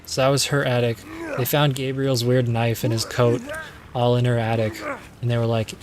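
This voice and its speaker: A man's voice: medium pitch, little pitch movement, normal speed, noisy background. Rambling young male streamer swearing casually. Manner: rambling, swearing, distracted by game. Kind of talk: casual movie recap while gaming.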